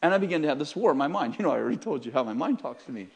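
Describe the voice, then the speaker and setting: A middle-aged man preaching with a notably high voice. He delivers his sermon emphatically, rising to loud urgency and dropping to quiet asides, and keeps checking in with his listeners. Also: lively intonation, racing, gravelly, highs cut off. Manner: addresses the congregation directly. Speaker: pastor.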